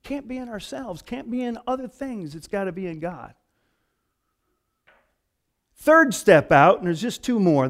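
High-voiced, folksy preacher man. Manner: casual, folksy, animated, with lots of "man" and "you know". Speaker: pastor. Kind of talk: conversational sermon.

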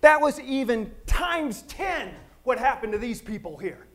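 A middle-aged man preaching a sermon, telling stories with jokes and asides in an animated way. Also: extremely high pitch, unhurried. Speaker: pastor.

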